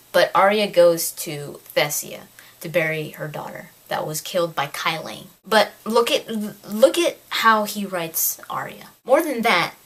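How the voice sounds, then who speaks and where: A woman giving a casual spoken book review, ranting in an exasperated, animated way. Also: lowish voice.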